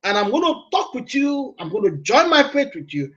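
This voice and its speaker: High-pitched guy preaching on the radio, pushy and repetitive, kinda muffled sound. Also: big pitch swings, fairly quick, a bit bright. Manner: emphatic, repetitive, exhorting. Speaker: radio host and motivational preacher. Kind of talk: preaching broadcast.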